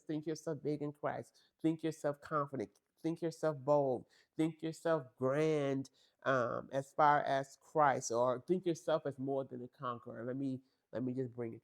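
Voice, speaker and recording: A woman hosting a faith-based podcast, giving an emphatic motivational talk to women listeners with lots of repetition and direct address. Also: deep voice. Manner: preachy and emphatic, repeats phrases for emphasis; talks straight to women listeners, calls them girl and honey. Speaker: podcast host.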